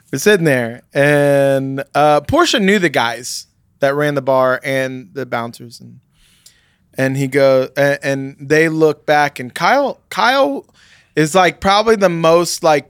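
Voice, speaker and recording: A man's voice: a little high, expressive, slow, fairly bright tone, smooth, no room sound, studio quality. A man casually telling a long anecdote, rambling with many fillers and restarts.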